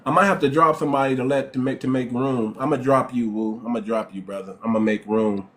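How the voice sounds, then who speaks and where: A man's voice: mid-range voice, steady tone, fast talker, a bit bright. A man with a New York accent hosting a live-stream debate, lecturing emphatically and repeating himself. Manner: emphatic, repetitive, lecturing, keeps saying ma'am.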